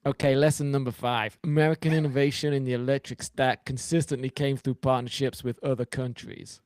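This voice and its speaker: A man reading aloud in a put-on, deliberately silly American accent on a podcast. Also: medium pitch, level tone, a little mellow, dry recording, natural voice. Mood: mock-earnest. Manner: deliberately exaggerated, jokey accent.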